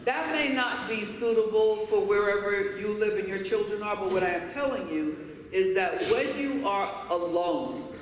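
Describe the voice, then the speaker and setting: A woman's voice: medium pitch, animated, normal speed, noisy background. A woman from Harlem giving a keynote speech, telling personal stories in an emphatic, candid way. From Harlem, New York. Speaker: keynote speaker. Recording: echoey hall, voice from far off.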